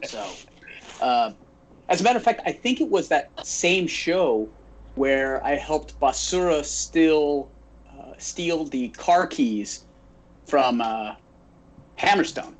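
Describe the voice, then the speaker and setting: A man's voice: on the high side, takes it slowly, long pauses. A man from Phoenix, Arizona, co-hosting a podcast and telling stories in casual chat, acting out the quotes as he goes. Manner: animated storyteller acting out quotes. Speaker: podcast co-host.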